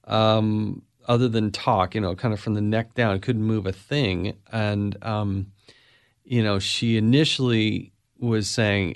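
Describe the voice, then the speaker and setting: A middle-aged man hosting an interview, talking in a soft-spoken, reflective way. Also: fairly low pitch. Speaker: podcast host. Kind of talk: casual interview chat.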